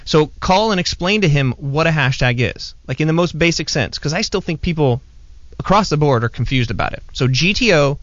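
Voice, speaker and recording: A playful, chatty man hosts a casual show with a slightly higher voice, often chiming in to rephrase his guest's points. The recording is dry and a bit dull and lo-fi. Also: animated, a little fast, fairly bright tone, no room sound. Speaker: podcast host. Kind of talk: casual chat.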